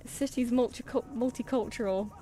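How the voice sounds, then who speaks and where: A woman with a slightly high, dark-toned voice talks a little fast while drawing on a live stream from a room at home. The artist rambles casually and mutters to herself between thoughts, with slight background noise.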